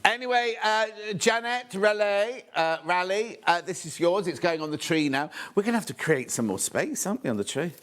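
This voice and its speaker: A man from the West Midlands of England hosts a live shopping show from a TV studio. His talk is chatty and rambling, full of quick asides. His pitch sits a little high and swoops widely as he goes. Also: very animated. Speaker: shopping channel host.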